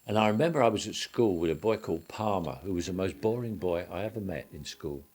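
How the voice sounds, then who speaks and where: A man's voice: low-pitched, expressive, fast, a little mellow. An older man, an actor reminiscing in an interview, rambling with frequent restarts and small chuckles.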